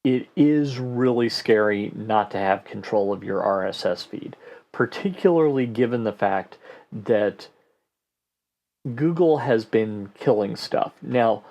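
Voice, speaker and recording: A man hosting a casual question-and-answer podcast, answering listener questions in a relaxed way and thinking aloud with fillers. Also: lowish voice, slow pace. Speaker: host.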